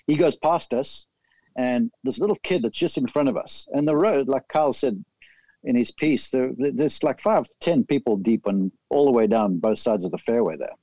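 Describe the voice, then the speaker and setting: A man's voice: medium pitch, normal speed, dark tone, dry recording, poor audio. A man, a golf analyst, telling a vivid story in casual chat.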